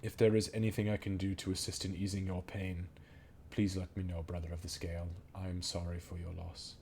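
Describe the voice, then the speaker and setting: A courteous, weary goblin priestess, as a man puts her on, formal and soft-spoken, her speech at times sinking into a whisper. The voice sits fairly low and is delivered in measured tones. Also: level tone, creaky, a little hiss or hum. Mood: consoling.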